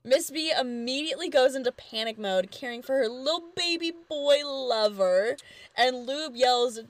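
A woman co-hosting a comedy podcast, recapping a TV episode in a crude, giggly way with quick impressions. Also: on the high side, dry recording.

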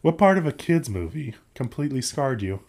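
A man's voice: medium pitch, very animated, brisk, vocal fry, a little mellow. A man hosting a casual chat, asking questions and joking around. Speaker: podcast host.

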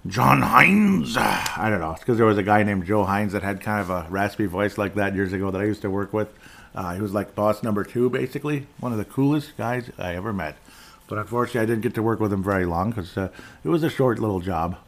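A middle-aged man hosting a casual solo sports talk podcast, rambling and digressive with jokes, often clearing his throat. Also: on the low side, fast. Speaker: podcast host.

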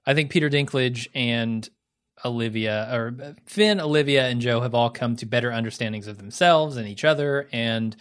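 A man co-hosting a casual film chat, measured and thinking aloud with fillers. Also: mid-range voice, fairly bright tone, smooth. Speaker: podcast co-host.

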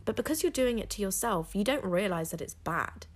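A woman's voice: medium pitch, expressive, a little fast, hardly any pauses. A teenage girl hosting a solo podcast, talking frankly and rambling, with lots of "like" fillers. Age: teens. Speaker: podcast host. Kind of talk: candid solo podcast monologue.

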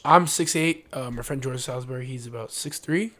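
A man in his twenties telling a story in casual chat, animated and slangy, acting out what people said. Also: medium pitch, brisk. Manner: animated, slangy, acts out quotes.

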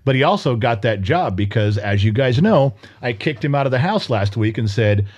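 A man's voice: mid-range voice, lively intonation, normal speed, darkish tone, lo-fi sound. A middle-aged man co-hosting a podcast, chatting casually and acting out quoted family members as he tells stories. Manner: storytelling, acts out quoted voices. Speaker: podcast co-host. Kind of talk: casual chat.

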